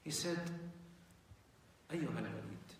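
A man telling a dramatic story as a sermon, going from hushed lines to loud, animated ones. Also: medium pitch, a little slow, distant mic, a little hiss or hum. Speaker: preacher. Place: mosque prayer hall. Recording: echoey hall, mic from afar.

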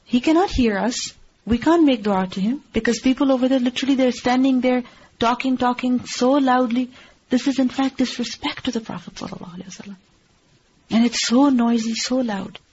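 Woman teacher, quick earnest religious lecture, higher voice, slightly dull recording. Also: a little mellow, a little hiss or hum. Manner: earnest, asks and answers own questions; recites Arabic verses quickly. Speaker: Islamic teacher.

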